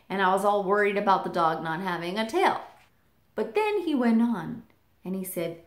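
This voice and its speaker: A woman from England, a vlogger telling a childhood story in an animated way, leaping up high when she quotes her child self. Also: moderate pace. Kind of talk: personal storytelling. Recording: roomy echo.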